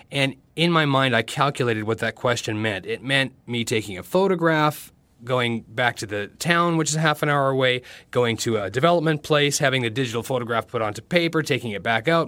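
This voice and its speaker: A man working as an aid worker, recalling a story in a halting, reflective way. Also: medium pitch, fairly bright tone, no echo. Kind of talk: interview recollection.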